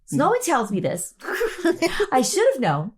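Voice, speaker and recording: A woman hosting a podcast, telling stories animatedly and acting out her own past lines in a higher voice. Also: huge pitch swings, moderate pace, breathy edge. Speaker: podcast host. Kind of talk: casual chat. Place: home.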